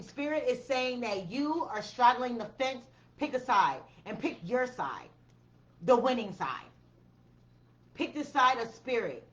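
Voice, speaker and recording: A woman's voice: a little high, lively intonation, measured pace, highs cut off. A woman giving a blunt, profane tarot reading, repeating her commands with emphasis. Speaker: tarot reader.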